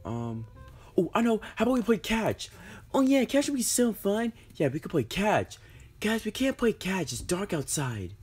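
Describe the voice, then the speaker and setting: A young man performs a casual comedy skit, trading whiny, slangy bickering between friends with lots of ums and likes. His fairly high voice swoops up and down, and faint music plays underneath. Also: big pitch swings, moderate pace, a little mellow, slightly rough. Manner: bickering, whiny, slangy banter with frequent fillers.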